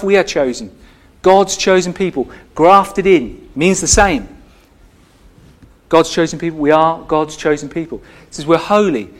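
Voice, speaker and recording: High-voiced earnest male preacher. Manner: earnest, repetitive, emphatic preaching with restarts. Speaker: pastor. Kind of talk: sermon.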